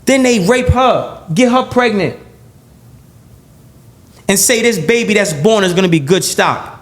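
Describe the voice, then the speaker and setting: Blunt and profane, a high-voiced man holds forth during a heated podcast interview, talking in an animated rush that stacks and repeats phrases and restarts sentences, swearing freely. His pace is a little slow.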